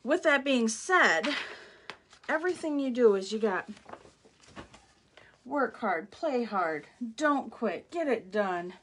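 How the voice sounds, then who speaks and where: A woman's voice: a little high, lively intonation, slow pace, pauses often, fairly bright tone, a little hiss or hum. A middle-aged woman casually walking viewers through craft products, gushing and exclaiming as she goes. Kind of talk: casual live product walkthrough.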